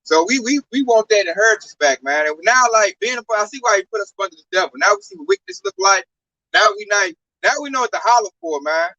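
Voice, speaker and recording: Bright-toned guy preaching casual, swears a lot, gets worked up. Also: high voice, quick pace, no room sound, lo-fi sound. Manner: animated, profane and preachy. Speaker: religious talk show speaker.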